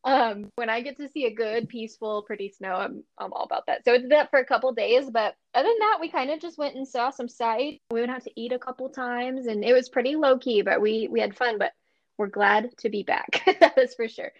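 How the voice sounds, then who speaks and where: Giggly and animated, a thirtysomething woman from Western Nebraska shares stories while co-hosting a casual podcast chat. Her pitch is fairly high and her delivery brisk. The recording is dull and free of echo.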